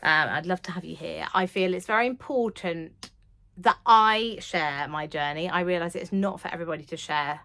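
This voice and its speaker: A woman's voice: lowish voice, normal speed. A woman in her thirties chatting to camera about sewing from her home sewing room, gushing and chatty, sometimes dropping to a whisper. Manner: gushing, chatty, drops to whispers when excited. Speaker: sewing vlogger. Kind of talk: casual chat to camera.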